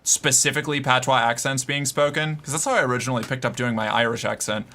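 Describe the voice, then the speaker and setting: A man streams from home and chats with his viewers in an easy, rambling way. His voice is bright and forward, sitting at an ordinary middle pitch. He jokes freely and swears without a second thought. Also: quick pace. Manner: loose and joking, swears, laughs often. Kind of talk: casual live-stream commentary.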